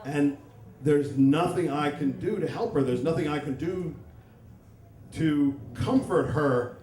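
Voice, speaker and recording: A man's voice: fairly high pitch, slow pace, a little mellow. Man telling a wry story in an echoey hall. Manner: wry, self-mocking humor. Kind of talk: live comic storytelling. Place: stage in a hall, live audience. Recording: roomy hall, mic from far off.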